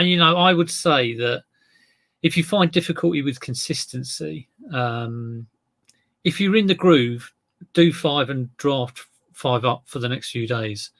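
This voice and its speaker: A man's voice: on the high side, creaky, fairly bright tone. A middle-aged man chatting casually on a live stream as an eBay reseller, rambling and greeting viewers by name.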